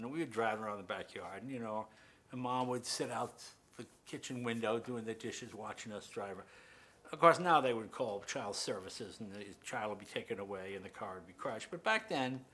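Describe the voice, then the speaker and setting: A man from rural New England telling lively, jokey anecdotes as a guest, often laughing as he goes. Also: medium pitch. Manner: lively, jokey, laughs through his stories. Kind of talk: casual anecdotal storytelling.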